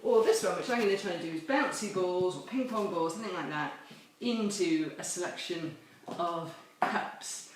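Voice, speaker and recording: A woman's voice: fairly low pitch, normal speed, few pauses. A woman leading a children's chapel assembly from home, explaining games step by step in a cheerful, playful way. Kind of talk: home video children's lesson. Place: home with garden course, indoors and out. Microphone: camera held by a helper some distance off. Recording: echoey, distant camera mic, faint noise.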